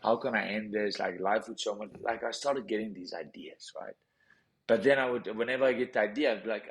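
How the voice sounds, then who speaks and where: A man's voice: on the low side, brisk, poor audio. A man with a South African accent, a podcast guest telling a personal story with intensity, often repeating phrases. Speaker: podcast guest, professional boxer.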